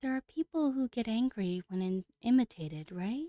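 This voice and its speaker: A woman voicing a gentle, teasing senpai girl. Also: a little high, expressive, normal speed, no room sound, voice pushed up, close to an everyday voice. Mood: calm teasing.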